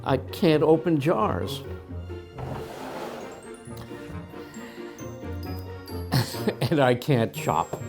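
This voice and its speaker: Lively, unhurried American man. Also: a little high, gravelly, over music. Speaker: co-host of English lessons. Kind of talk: scripted comic lesson dialogue.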